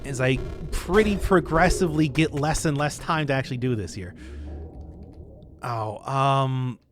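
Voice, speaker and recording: A man commenting on a puzzle game as he plays, thinking aloud and hesitating, with sudden bursts of excitement. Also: mid-range voice, unhurried, soft background music. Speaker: let's play host. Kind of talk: let's play commentary.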